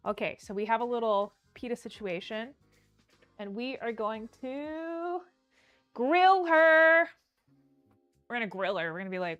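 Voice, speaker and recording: A woman hosting a casual cooking livestream, bubbly and excitable as she talks to her chat from her kitchen. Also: fairly high pitch, measured pace, pauses often, clear, resonant tone, no echo, soft background music. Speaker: livestream host. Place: home kitchen.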